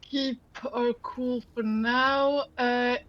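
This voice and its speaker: A player in a tabletop game who asks calm, steady questions. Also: medium pitch, very slow, dull audio. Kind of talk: tabletop role-play.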